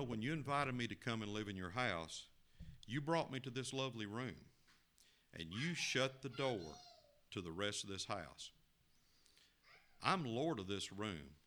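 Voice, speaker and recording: A calm, tender Jesus speaks softly in a low, quiet voice, as a male preacher puts him on. The words come slowly and gently. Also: heavily acted. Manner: soft, slow and low-spoken.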